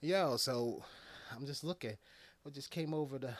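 A man who works as an EMT, ranting casually and profanely about a movie, swinging between hushed asides and loud outbursts. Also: mid-range voice, moderate pace, no echo. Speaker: EMT giving movie reactions. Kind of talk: casual rant to camera.

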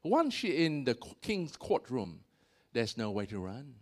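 Animated male preacher. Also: a little slow. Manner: animated, voice swells on key points and drops low after. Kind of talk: sermon.

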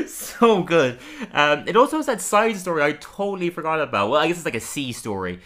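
A man's voice: on the high side, sing-song, brisk, a bit bright. A man co-hosting a podcast in casual chat, laughing often and acting out quotes as he goes. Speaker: podcast co-host.

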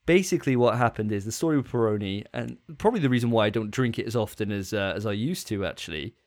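A man's voice: lowish voice, expressive, quick pace. A young man co-hosting a podcast, chatting casually with a jokey, self-mocking way of telling stories. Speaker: podcast co-host. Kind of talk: casual chat.

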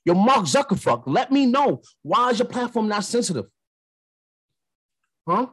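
A young man from New York with a New York accent, hosting a podcast and telling a story in a casual monologue, animated, acting out the lines of the people in it. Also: sits high, measured pace, breathy edge. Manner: animated storyteller, acts out quotes. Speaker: podcast host.

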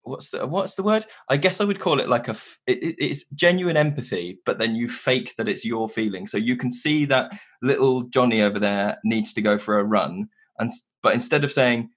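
A man's voice: medium pitch, fairly quick, few pauses, a bit bright. A man hosting a conversation, talking casually and sharing anecdotes, sometimes searching for the right word. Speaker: podcast host, forest school teacher.

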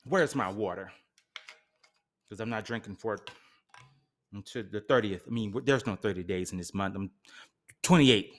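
Slow, theatrical ranting man. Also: on the low side. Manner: theatrical, exasperated ranting with sarcastic asides. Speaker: podcast host. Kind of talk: solo podcast rant.

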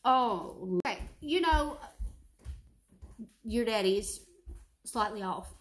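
A woman's voice: a little high, lively intonation, slow. A woman, telling family stories in casual chat and dropping frequent "like" fillers. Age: 30s. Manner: chatty storytelling, frequent "like" fillers.

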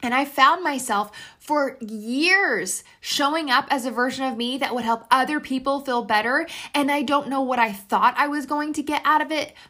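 A woman's voice: high voice, normal speed, hardly any pauses, sharp tone. Earnest woman giving motivational pep talk. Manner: earnest, encouraging, addresses listener as sister. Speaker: motivational speaker. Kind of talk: motivational monologue.

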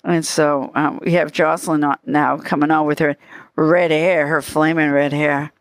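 A woman's voice: low voice, fairly even intonation, moderate pace, dry recording, studio quality. A woman with a Boston accent, hosting a podcast and chatting casually, laughing often and repeating herself. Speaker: podcast host.

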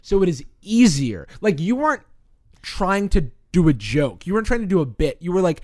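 A man's voice: high voice, sing-song, moderate pace, darkish tone, dry recording, studio quality. A man co-hosting a casual chat, reflective and full of fillers. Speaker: podcast co-host.

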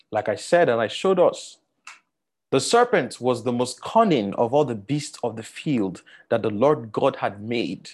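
A man with a Nigerian accent teaching a sermon, animated and repeating words for emphasis, with many fillers. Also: medium pitch. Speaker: Bible teacher.

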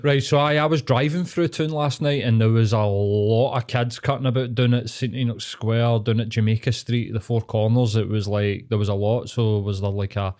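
A man's voice: medium pitch, fairly even intonation, normal speed, few pauses, darkish tone. A man with a Glasgow accent, co-hosting a podcast, teasing his friend with sweary banter. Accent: Scottish, Glasgow. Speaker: podcast co-host. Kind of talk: casual chat.

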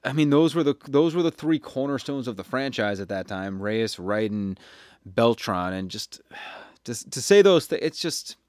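Thirtysomething guy on a podcast, dead dry mic, halting and wry. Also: medium pitch, lively intonation, darkish tone, no room sound. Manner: halting, many fillers and restarts, wry. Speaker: podcast co-host. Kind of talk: casual sports podcast storytelling.

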